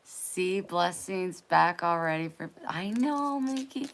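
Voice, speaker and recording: A woman hosting a casual live stream, chatty and playful, easily excited. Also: lowish voice, moderate pace, creaky, hardly any pauses, a little hiss or hum.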